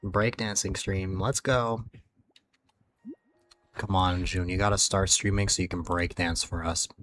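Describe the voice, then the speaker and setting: A man's voice: low-pitched, level tone, moderate pace, a bit bright, a little hiss or hum. A man streaming late at night, chatting casually with viewers, sleepy and rambling, losing his words.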